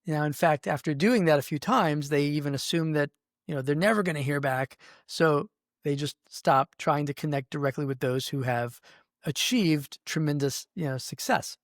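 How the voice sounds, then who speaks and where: A middle-aged man talks earnestly about business, leaning into his stories with emphasis. His voice sits a little high for a man. The sound is dry and close, with no room echo. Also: normal speed. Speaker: podcast host. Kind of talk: motivational business talk. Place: his office.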